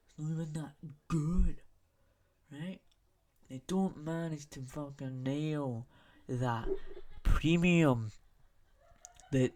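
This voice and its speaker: A man's voice: mid-range voice, a little mellow. A man from Scotland with a Scottish accent, hosting a solo podcast as he rants and swears heavily, tagging lines with "right?". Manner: ranting, heavy swearing, repeats "right?". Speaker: podcast host.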